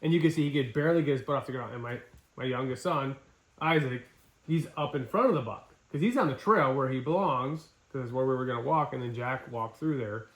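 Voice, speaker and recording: A middle-aged man from Wisconsin telling a hunting story in casual, animated talk. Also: mid-range voice, brisk. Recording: echoey room.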